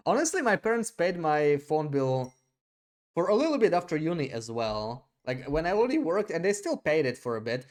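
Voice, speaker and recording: A man's voice: fairly high pitch, sing-song, moderate pace. A young adult man streaming a game live, thinking aloud in a hesitant, rambling way with frequent restarts.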